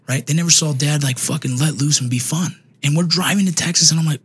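Fast-talking husky man, blunt and profane. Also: fairly high pitch, a bit bright. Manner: profane, blunt, emphatic storytelling. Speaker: veteran podcast guest. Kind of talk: casual chat.

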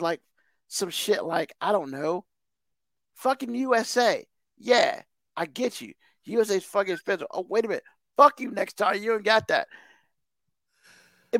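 A man's voice: high-pitched, fairly bright tone, no echo, clean studio sound. A man co-hosting a podcast, ranting heatedly about TV and football, swearing constantly and repeating himself for emphasis. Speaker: podcast co-host. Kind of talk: casual profane rant.

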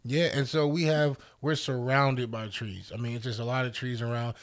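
An upbeat man co-hosts a relaxed podcast, speaking at a medium pitch in an easygoing way. He talks to his listeners as if they were family, and he often restarts and repeats his words as he goes. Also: moderate pace. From Northeastern United States. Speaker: podcast co-host. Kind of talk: casual chat.

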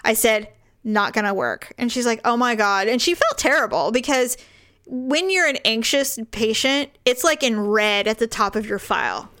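A woman with a slightly high voice tells a story in a loose, chatty way. She acts out every character's lines with big jumps in pitch and laughs through much of it. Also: moderate pace. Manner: animated, acts out quoted voices, laughs often. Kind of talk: casual storytelling chat.

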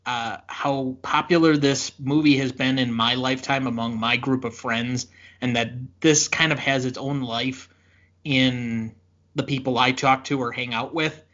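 Bright-voiced man reviewing a film. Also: mid-range voice, steady tone, a little slow. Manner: thoughtful, explaining his score. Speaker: podcast co-host. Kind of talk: casual film review chat. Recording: slightly dull lo-fi podcast audio.

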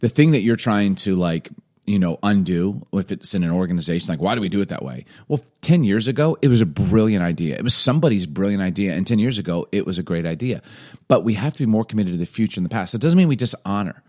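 A man's voice: low-pitched, expressive, fast, a little mellow. A man co-hosting a casual chat, telling stories loosely and leaning on filler words. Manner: loose, rambling storyteller, heavy on "like". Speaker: podcast co-host, father.

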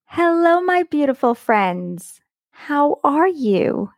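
Gushing, gravelly-edged woman podcast host. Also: high-pitched, big pitch swings, takes it slowly, no room sound, clean studio sound. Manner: enthusiastic and affectionate, stretching words for emphasis. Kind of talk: warm motivational podcast monologue.

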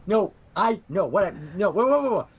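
A man with a Northern US accent, a guest chatting in an animated, teasing way. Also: sits high, a little fast, husky, rough recording. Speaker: podcast guest. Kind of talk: casual chat.

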